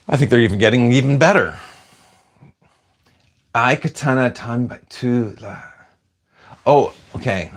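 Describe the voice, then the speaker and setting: A man casually chatting on a livestream, reading out viewer comments and answering them in a rambling, self-deprecating way. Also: medium pitch. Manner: chatty, self-deprecating, wanders off mid-sentence.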